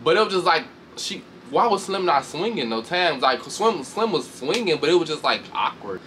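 A man casually recapping a reality show fight with lots of swearing, laughter, and sudden high mocking voices. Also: moderate pace, slight background noise. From Chicago. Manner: animated, profane, laughs often, shifts into high mocking voices. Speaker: commentator reacting to a reality show. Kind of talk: casual chat.

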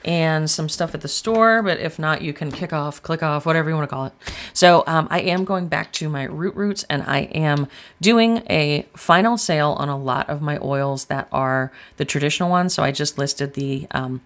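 A woman's voice: low-pitched, normal speed. A woman giving a casual tarot reading, chatty and blunt, swearing freely as she talks straight to viewers. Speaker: tarot reader.

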